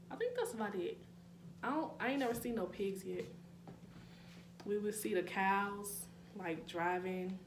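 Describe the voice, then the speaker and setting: Chatty young woman with a New Orleans accent. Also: medium pitch. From New Orleans, Louisiana. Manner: chatty, laughing asides, addresses viewers as y'all. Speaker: YouTuber. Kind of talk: casual vlog chat. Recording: echoey room with faint hum.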